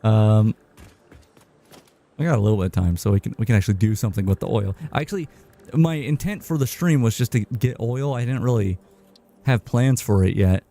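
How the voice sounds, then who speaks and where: Man game streamer, dark gravelly voice, rambling casual chat, stop-start phrasing. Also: on the low side, lively intonation. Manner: rambling, halting, with many restarts and fillers.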